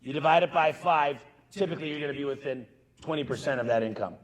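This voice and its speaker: A middle-aged man giving an energetic conference keynote from a stage, punchy and emphatic, talking straight to the crowd. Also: on the high side, fast, rough recording. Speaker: keynote speaker.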